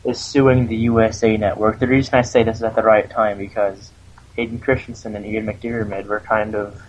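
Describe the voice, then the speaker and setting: A man with a low, husky voice co-hosts a casual fan podcast, joking and rambling between news items. His audio comes through muffled and lo-fi. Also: level tone, normal speed. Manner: jokey, rambling, trails off. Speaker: podcast co-host.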